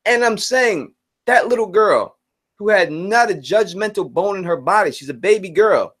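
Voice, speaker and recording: A man with a slightly higher voice hosts a live stream, talking earnestly and casually. He circles back over his points and restarts sentences as he works through what he means. His tone is conversational and direct. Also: lively intonation, moderate pace, fairly bright tone. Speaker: channel host.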